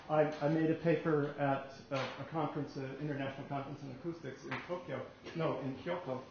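A man in his sixties giving a technical lecture at a society meeting, with a halting, rambling delivery and wry humor. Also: on the high side, background noise. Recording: very echoey, dull room recording.

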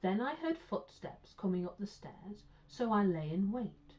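A woman's voice: mid-range voice, very animated, measured pace. A woman voicing a small, polite young male bear who explains things earnestly and patiently. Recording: muffled lo-fi sound.

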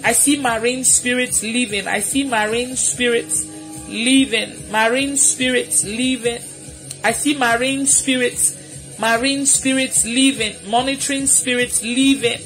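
Brief: woman, fervent prayer minister, commanding and repetitive, slightly high voice, faint music bed. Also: fairly bright tone. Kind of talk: live deliverance prayer, prophetic declarations.

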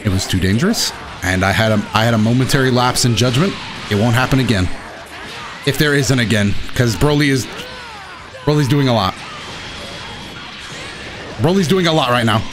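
A young man giving excitable, self-mocking live commentary while playing a fighting game. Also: medium pitch, normal speed, long pauses. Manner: excitable, self-mocking, shouts at big plays. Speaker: gaming YouTuber. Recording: game music playing behind. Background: game music.

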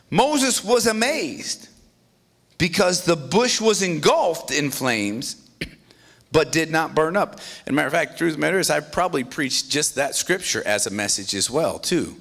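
A male pastor preaching a sermon in an animated, conversational way, with joking asides. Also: on the high side, measured pace.

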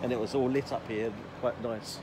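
A man's voice: mid-range voice, steady tone, moderate pace, background noise. Chatty man rambling on a street walk. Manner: chatty, rambling storyteller with laughs. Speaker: vlogger. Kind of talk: casual walking vlog chat. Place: city streets outdoors.

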